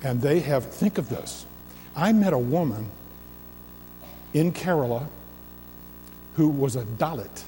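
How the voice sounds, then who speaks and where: Slow, mellow-voiced man preaching in a reverberant hall. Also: medium pitch, slight background noise. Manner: emphatic preaching with swelling repeated phrases. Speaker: pastor. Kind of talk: sermon. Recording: long reverb of a large hall.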